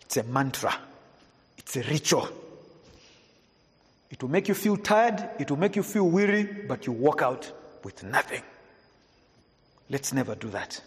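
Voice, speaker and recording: A male pastor preaches a sermon in a church. He swings between hushed, low passages and raised, emphatic preaching. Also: sing-song, a little slow, pauses often. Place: church hall. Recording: long hall reverb.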